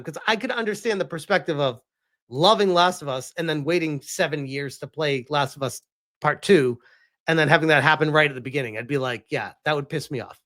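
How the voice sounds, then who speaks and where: A man giving a casual, animated vlog review, rambling and laughing often. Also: fairly high pitch. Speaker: video reviewer.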